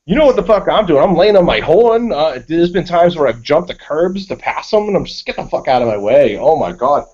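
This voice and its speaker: A man from Massachusetts telling stories on a group video call, animated and full of swearing. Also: a little high, fairly quick. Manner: profane, animated storytelling. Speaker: panelist. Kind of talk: casual storytelling on a group call. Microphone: online video call. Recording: dull lo-fi call audio.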